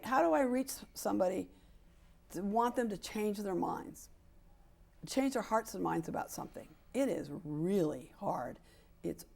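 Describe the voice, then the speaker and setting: A woman's voice: mid-range voice, vocal fry, darkish tone. A woman in her seventies being interviewed, speaking emphatically, acting out quoted dialogue and repeating points for stress. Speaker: interview guest, sports equality advocate. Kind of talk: candid interview conversation.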